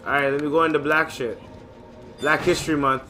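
A man casually commentating his gameplay, excitable and joking, with loud profane outbursts. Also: a little high, fairly quick, a little hiss or hum. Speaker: gamer and channel host.

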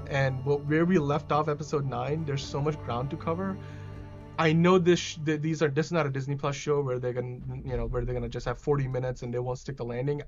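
Excitable rambling man on a podcast. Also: a little high. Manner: excitable, rambling with many fillers and restarts. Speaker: podcast host reviewing a TV episode. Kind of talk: casual conversational review. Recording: dull lo-fi podcast audio.

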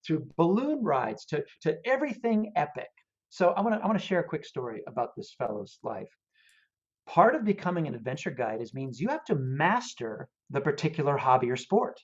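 A man, a guest in a casual interview, telling a story in an animated, earnest way. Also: a little high, slightly rough. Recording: dull lo-fi audio.

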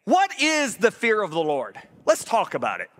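A male pastor delivering a lively sermon in a high, bright voice. He swings from loud, excited exclamations down to low, intense emphasis, addressing the congregation directly from a stage microphone. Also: moderate pace.

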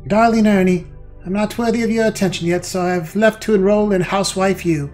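A man's voice: high voice, steady tone, a little fast, a little mellow, faint music behind, voice pushed up, close to an everyday voice. A man reading as a sweet young woman. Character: young woman writing a sweet farewell letter.

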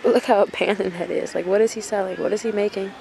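A woman vlogging outdoors in a city park, chatting casually in an animated, storytelling way. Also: medium pitch, quick pace, creaky. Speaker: travel vlogger. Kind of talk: casual vlog chat.

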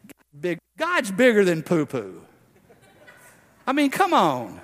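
Male pastor, impassioned sermon, loud then hushed, slightly high voice, long church reverb. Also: wildly swooping pitch, takes it slowly.

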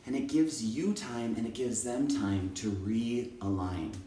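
A man who teaches kindergarten, talking to camera in an energetic, playful and emphatic way. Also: mid-range voice, takes it slowly, a little hiss or hum. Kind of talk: enthusiastic video talk to camera. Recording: echoey room, mic at a distance.

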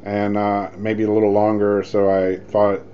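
Man, low voice, casual vlog story, rambling, dull lo-fi sound, faint hiss. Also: measured pace. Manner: rambling, animated, acts out quoted lines. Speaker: vlogger telling a story.

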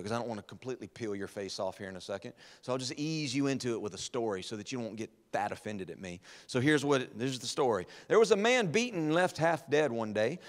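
Dramatic preaching man in a reverberant hall. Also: mid-range voice. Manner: dramatic preaching, swings from loud to hushed. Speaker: evangelist. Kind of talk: sermon. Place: church hall. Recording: long church hall reverb.

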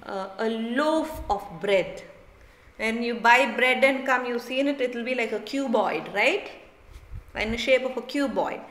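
A woman teacher, slowly sounding out and repeating words in a phonics lesson for young children. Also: a little high, fairly bright tone. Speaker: primary school teacher. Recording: echoey room.

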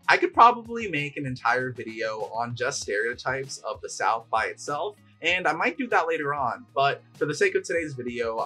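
A man's voice: mid-range voice, husky. A man hosting a channel, narrating a scripted video essay. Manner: lively, explanatory. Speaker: YouTube host.

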